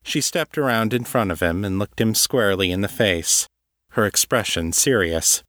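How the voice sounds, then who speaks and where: Low-voiced male audiobook narrator. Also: animated, moderate pace, fairly bright tone, no room sound, studio quality. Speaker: narrator and author.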